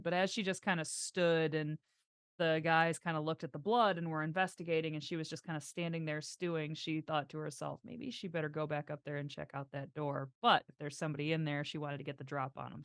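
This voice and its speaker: A woman's voice: low-pitched, smooth, dry recording, clean studio sound. A woman playing a tabletop game, narrating what her character does in a casual, rambling way. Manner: casual, loose narration with fillers. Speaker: player.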